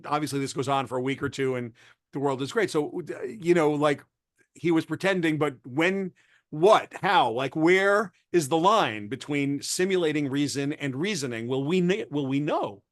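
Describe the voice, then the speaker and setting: A man's voice: medium pitch, moderate pace, dry recording, studio quality. A man as an interview guest, explaining technology conversationally with everyday examples, often restarting his sentences. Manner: rambling, self-correcting, explains with everyday examples. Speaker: interview guest, tech expert.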